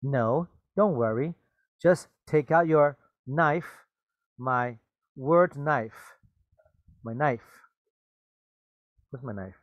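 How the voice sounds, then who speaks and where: Slow, patient man teaching vocabulary. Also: on the high side, dry recording, lo-fi sound. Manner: patient, explains words slowly with checking questions. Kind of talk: reading a story aloud and explaining vocabulary.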